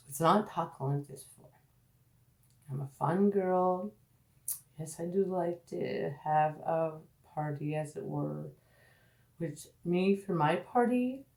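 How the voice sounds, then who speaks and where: A woman's voice: sits low, vocal fry. Tipsy woman rambling in an echoey room. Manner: slurred, tipsy and meandering, swearing, drifting between loud outbursts and murmurs. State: tipsy from drinking. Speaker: vlogger. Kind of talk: rambling casual monologue. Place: at home, indoors.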